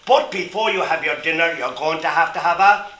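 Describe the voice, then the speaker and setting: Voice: mid-range voice, a little fast, fairly bright tone, lightly acted. A storyteller voicing a kindly but no-nonsense woman who minds lost animals, speaking firmly in a roomy echo. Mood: firm, motherly.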